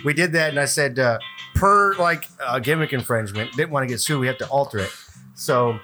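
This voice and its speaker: A man hosting a casual podcast chat, laughing often and swearing, with quick asides. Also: medium pitch, over music. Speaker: podcast host.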